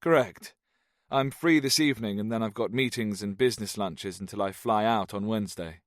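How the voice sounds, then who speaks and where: A man voicing a calm, guarded former soldier turned spy, polite and measured. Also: lowish voice, dry recording, studio quality, lightly acted. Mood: friendly.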